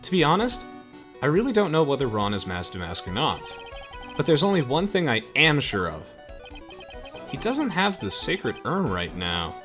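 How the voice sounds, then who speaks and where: Man playing a wry young game lawyer, bright tone, understated. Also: mid-range voice, huge pitch swings, normal speed, soft background music. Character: dry young male defense lawyer, wry.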